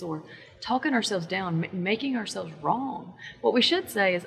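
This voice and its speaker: A woman in her thirties speaks as a parent coach in casual, encouraging advice. Her voice has a gravelly texture and sits mid-range in pitch. The sound carries a long, roomy reverb. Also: animated, fairly quick. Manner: encouraging, emphatic, quotes inner thoughts.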